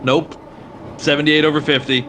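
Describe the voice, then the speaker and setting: A man playing a tabletop game, blunt and quick to swear, describing his character's last moments. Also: a little high, level tone, noisy background. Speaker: player. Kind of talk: casual tabletop game chat.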